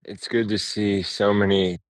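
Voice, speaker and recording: A man speaking as a guest, friendly and relaxed, greeting the group. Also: fairly low pitch, a little slow, no room sound. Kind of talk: casual greeting.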